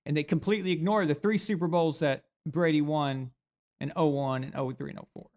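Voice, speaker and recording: A man's voice: fairly high pitch, fairly even intonation, fairly quick, a little mellow. A man hosting a live sports reaction stream, talking casually and animatedly. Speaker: sports show host.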